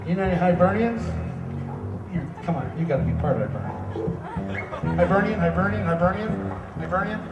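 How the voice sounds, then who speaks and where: High, animated man joking with a live crowd. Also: brisk, pauses often, dull audio. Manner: jokey, cajoling the audience to sing along. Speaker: comedy performer. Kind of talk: live musical comedy with crowd banter. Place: campus performance room with audience. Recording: echoey live room, mic from a distance, music and crowd.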